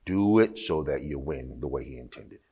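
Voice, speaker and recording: A man's voice: rumbling low, expressive, normal speed, warm tone, slightly rough. A man preaching a sermon as pastor, talking conversationally with asides and rising to emphatic bursts.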